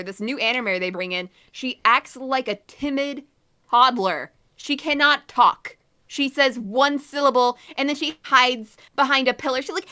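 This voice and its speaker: A woman's voice: fairly high pitch, sharp tone, smooth. A woman co-hosting a podcast in casual chat, ranting in an exasperated, blunt way. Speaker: podcast co-host.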